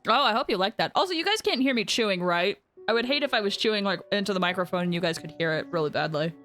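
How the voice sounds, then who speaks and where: A woman's voice: medium pitch, expressive, fast, fairly bright tone, faint music behind. A young woman streaming a video game, chatting casually and rambling with lots of fillers. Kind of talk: casual live-stream chat.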